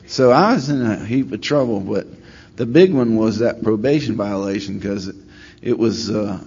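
A middle-aged man at a recovery meeting telling his story in a wry, self-deprecating way, rambling with many pauses. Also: lowish voice, gravelly, a little mellow, breathy edge. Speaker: speaker sharing at a recovery meeting. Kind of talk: storytelling share. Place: meeting room. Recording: slightly dull recording with faint room noise.

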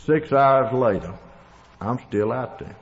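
A Southern man from Tennessee tells his own hard-luck story in a folksy, plainspoken drawl, his pitch sitting in an ordinary middle range. The recording is dull and lo-fi, and his voice rings with a long reverb as if he is speaking in a big hall. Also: expressive, slow pace, a little hiss or hum. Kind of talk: storytelling testimony.

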